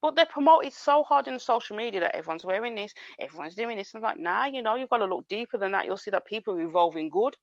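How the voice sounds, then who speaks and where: A woman's voice: medium pitch, animated, fast talker, hardly any pauses, no room sound. Emphatic woman, lo-fi podcast. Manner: emphatic, talks over others, repeats points. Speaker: podcast co-host. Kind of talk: casual podcast chat. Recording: dull lo-fi sound.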